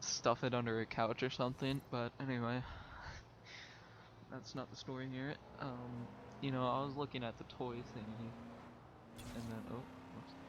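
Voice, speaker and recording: A man's voice: mid-range voice, flat delivery, measured pace, noisy background. A young man, a vlogger, telling a story in a casual way and laughing often as he talks.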